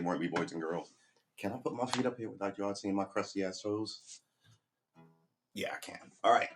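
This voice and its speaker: A middle-aged man with a slightly low voice chats loosely on a livestream from his sofa at home. He rambles, pokes fun at himself and swears his way through pep talk between bits of guitar practice, close to a desk microphone. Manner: rambling, self-deprecating, profane pep talk. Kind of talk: casual livestream chat.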